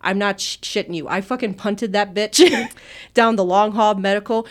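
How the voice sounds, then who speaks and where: A woman nurse on a podcast, telling a story in casual chat, swearing a lot, animated and laughing often. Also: mid-range voice, moderate pace.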